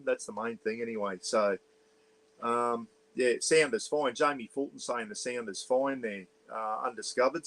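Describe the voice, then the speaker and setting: Indoors in a small caravan, an Australian man hosts a loose, casual livestream on an iPad, reading viewers' comments aloud and greeting them. His mid-range voice stays hushed for the neighbours, and the audio quality is poor.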